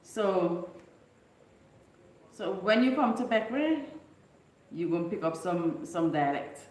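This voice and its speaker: A woman's voice: on the low side, animated, takes it slowly, darkish tone, echoey room, rough recording. A woman from Bequia with a mixed Vincentian, Trinidadian and Grenadian accent, hosting a casual live chat and teaching local dialect phrases to her viewers. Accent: Vincentian with Trinidadian and Grenadian traces. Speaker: livestream host.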